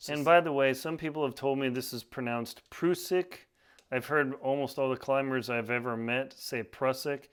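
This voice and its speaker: A man with a smooth, clear voice walks through tying a climbing knot. He talks plainly and practically, narrating his hands as he works. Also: medium pitch, steady tone, fairly quick, few pauses. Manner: plain, practical, hands-on demonstrating while talking. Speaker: outdoor skills instructor. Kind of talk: casual knot-tying tutorial.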